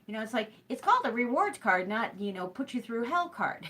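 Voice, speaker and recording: A woman's voice: on the high side, big pitch swings, a little fast, pushed and bright. A middle-aged woman hosting a hooping show, chatting casually to a live stream and telling a rambling story full of fillers and restarts.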